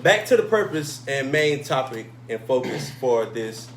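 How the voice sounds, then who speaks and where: A man hosting a casual talk show, relaxed and easygoing, often tagging "man" onto his sentences. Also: mid-range voice. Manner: relaxed, drawn-out filler "man". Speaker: host. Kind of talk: casual chat. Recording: echoey room, faint noise.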